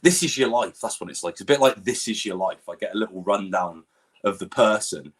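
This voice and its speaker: A man chatting on an online stream, animated and full of swearing, often mimicking other people as he talks. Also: lowish voice, brisk, breathy edge. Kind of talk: casual online stream chat.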